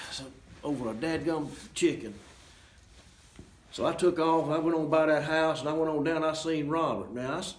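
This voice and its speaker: A middle-aged man telling a personal story in a folksy, drawling way, talking straight to his listeners and getting loud when he acts out shouts. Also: echoey room. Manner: gets loud and high when acting out shouting.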